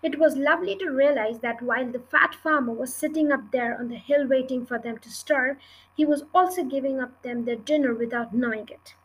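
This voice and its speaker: A woman reading a children's book chapter aloud in an earnest, steady way. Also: high voice, fairly quick, slightly rough, poor audio. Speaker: storybook reader.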